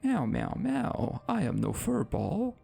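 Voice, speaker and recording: A man voicing a sad old black cat from a storybook, slowly meowing out rhymes in a higher, drawn-out voice. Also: wildly swooping pitch, creaky, warm tone, husky, soft background music, full character voice. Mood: plaintive. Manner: meowing, slow rhyming storybook speech.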